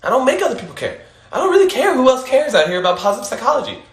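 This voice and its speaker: A man's voice: very high voice, big pitch swings, very fast, echoey room. A man hosting an Instagram Live, giving a casual motivational monologue, emphatic and swearing casually, often laughing and repeating his points.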